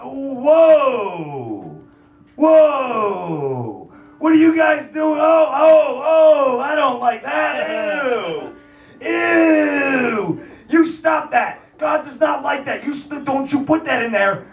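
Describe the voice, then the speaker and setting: A man's voice: very high-pitched, creaky, distant mic, voice pushed up, heavily acted. A man playing a prissy, outraged Old Testament God who shrieks in disgust during a live comedy bit in a small cafe venue. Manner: shrieking, squeamish and indignant. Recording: roomy live room, mic from afar.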